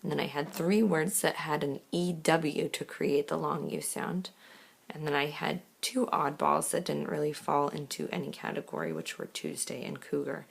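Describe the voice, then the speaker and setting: Low gravelly woman teacher, slow clear word reading, patient step by step. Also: lively intonation. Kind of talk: recorded classroom lesson.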